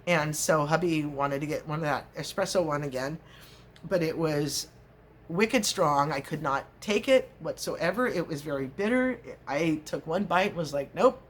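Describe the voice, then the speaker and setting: A woman's voice: sits low, animated, normal speed, a little hiss or hum. Middle-aged woman, casual rambling vlogger, frequent laughs. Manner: chatty, laughs often, acts out little scenes. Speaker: crochet vlogger.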